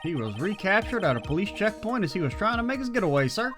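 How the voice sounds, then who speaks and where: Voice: mid-range voice, sing-song, quick pace, over music, voice pushed up, close to an everyday voice. A let's player voicing a bumbling, nervous male detective who stammers and hesitates.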